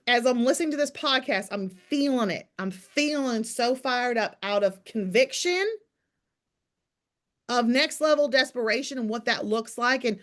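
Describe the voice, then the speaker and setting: Her voice fairly high and fairly bright, a woman in her thirties coaches her accountability group over a call. She talks quickly and with emphasis, delivering a teasing, preachy pep talk.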